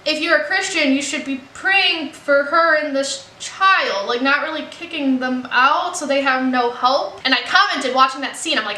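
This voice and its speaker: A woman's voice: sits high, normal speed, few pauses, pushed and bright, a little hiss or hum. A young woman in a casual film review, chatty and earnest, with lots of "like" and "you know" fillers. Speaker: movie reaction vlogger. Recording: roomy echo.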